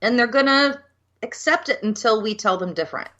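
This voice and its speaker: A woman's voice: on the high side, brisk, dull audio. A woman, co-hosting a casual cocktail podcast and telling stories frankly and with some swearing. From USA, Minneapolis. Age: 50s. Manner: frank and animated storyteller, swears freely. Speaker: podcast co-host. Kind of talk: casual chat over cocktails.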